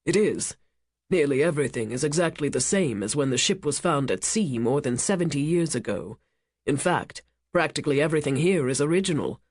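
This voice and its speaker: A woman voicing a commanding, wealthy male ship owner who speaks in a measured, authoritative and evasive way. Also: low-pitched, animated, darkish tone, no room sound, clean studio sound.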